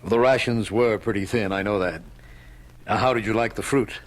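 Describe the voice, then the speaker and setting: A man's voice: lowish voice, moderate pace, natural voice. An actor playing a male guard who chats breezily with a prisoner, in an old radio drama. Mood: breezy. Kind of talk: 1970s radio drama acting.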